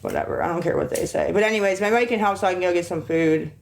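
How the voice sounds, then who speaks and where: Gravelly-voiced woman streaming from her phone; agitated, swearing rant; faint noise behind. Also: lowish voice, wildly swooping pitch, quick pace, low-quality recording. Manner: profane, agitated ranting. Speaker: livestreamer. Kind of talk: rambling live-stream talk.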